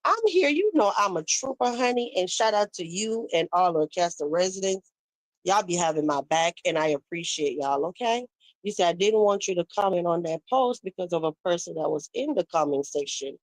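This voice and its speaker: A woman's voice: on the low side, dry recording, rough recording. A woman hosting a casual live stream, chatting and reading viewer comments aloud as she answers them.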